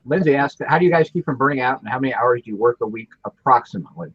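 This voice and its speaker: A man's voice: medium pitch, lively intonation, rapid-fire, fairly bright tone, husky. A man on a podcast panel, tossing in dry, teasing quips and reading out listener questions. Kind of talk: casual podcast chat. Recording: dull, dry lo-fi mic.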